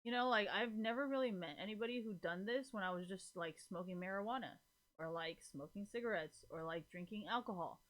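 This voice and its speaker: A woman's voice: mid-range voice, brisk, fairly bright tone. A woman streaming and chatting loosely to her viewers. She rambles from thought to thought, peppers her talk with profanity and leans on "like" and "you know" constantly. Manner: rambling, profane, fills every gap with "like". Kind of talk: casual chat to a live audience.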